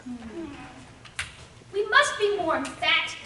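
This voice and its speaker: A woman's voice: very high voice, big pitch swings, slow pace, sharp tone, a little hiss or hum, heavily acted. A woman playing a sweet, dotty elderly lady with prim, old-fashioned manners in an amateur stage play, heard from far off in an echoey hall. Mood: fluttery.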